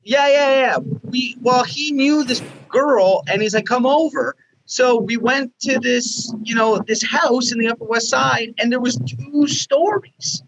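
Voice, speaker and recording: A man's voice: extremely high pitch, unhurried, hardly any pauses, a bit bright, slight background noise, poor audio. A man from Canada, a podcast guest in casual chat, telling profane stories and acting out what people said. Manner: profane storyteller who acts out quoted people.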